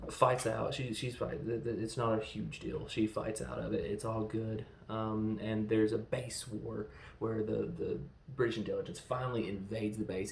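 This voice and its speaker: A man's voice: fairly low pitch, vocal fry, a little hiss or hum. A man giving a casual film review, retelling the plot in a rambling, enthusiastic way with lots of fillers. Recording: roomy echo.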